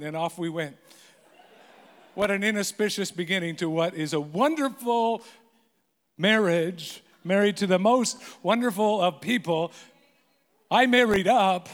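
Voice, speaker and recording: A fairly high-voiced man in his fifties preaching from the front of a church, spinning self-deprecating stories and teasing his listeners. His voice trails off into a long hall reverb. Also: a little slow, fairly bright tone. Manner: joking, self-deprecating storyteller. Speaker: pastor. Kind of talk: sermon with humorous stories.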